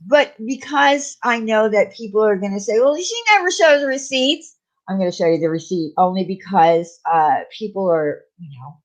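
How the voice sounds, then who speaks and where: A woman's voice: mid-range voice, normal speed, few pauses. A woman hosting a casual livestream, talking in a rambling way with lots of fillers and restarts. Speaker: channel host.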